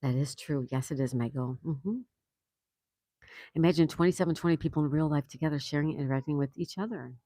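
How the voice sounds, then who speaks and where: A woman's voice: low voice, fast, dark tone, dry recording. Chatty lady host on a livestream, reads comments out, says hi to everyone by name, dry close sound. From Florida. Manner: chatty, greets viewers by name. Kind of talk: casual chat reading viewer comments.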